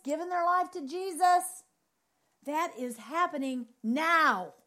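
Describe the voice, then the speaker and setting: A woman preaching a charismatic sermon, telling lively stories and repeating phrases for emphasis. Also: high-pitched. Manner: animated storytelling, acts out other people's reactions.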